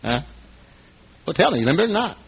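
A man in his fifties preaching a sermon, dramatic, swinging between hushed asides and loud exclamations. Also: on the high side, sing-song, fast, gravelly, slight background noise. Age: 50s. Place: room at an evening gathering. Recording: dull lo-fi recording.

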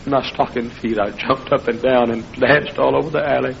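A middle-aged man preaching an impassioned revival sermon that builds into shouting. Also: medium pitch, fairly even intonation, normal speed, creaky, slight background noise. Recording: muffled old sermon recording.

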